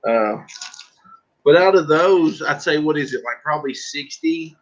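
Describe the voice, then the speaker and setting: A man's voice: on the high side, lively intonation, unhurried, lo-fi sound. A man hosting a casual livestream while packing books, chatting loosely and joking with viewers and a guest. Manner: joking, rambling, breaks into laughter. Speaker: livestream host. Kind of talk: casual live-stream chat.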